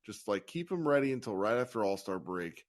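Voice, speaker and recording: A man's voice: fairly low pitch, fairly quick, dry recording, studio quality. A man hosting a live call-in podcast, chatting casually, joking and laughing as he brings up callers. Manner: animated, laughs and swears, runs the caller queue. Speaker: podcast host running a live call-in show. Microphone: live audio app.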